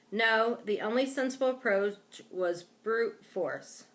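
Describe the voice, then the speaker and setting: Slow, expressive woman storybook reader. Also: medium pitch. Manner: unhurried, expressive on exclamations. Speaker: reader of a children's book. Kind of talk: storybook read-aloud.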